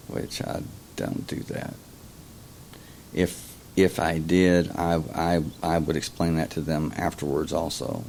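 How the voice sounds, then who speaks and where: A man hosting a casual explanatory monologue, talking slowly and haltingly, often repeating words. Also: sits low, gravelly, a little mellow, a little hiss or hum. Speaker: host.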